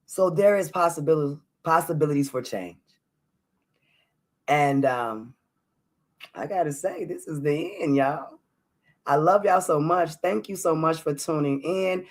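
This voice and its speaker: A woman's voice: deep voice, measured pace, pauses often. Woman host, heartfelt solo podcast talk, earnest and open, casual direct address to her audience. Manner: earnest, open, speaks straight to listeners; casual, warm address with "y'all".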